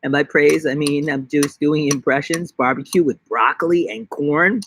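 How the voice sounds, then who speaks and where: A young man from New York chatting on a casual live stream from his backyard, rambling and joking, with bursts of silly high-pitched voices. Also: moderate pace, creaky, fairly bright tone, slight background noise. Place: outdoors in a backyard.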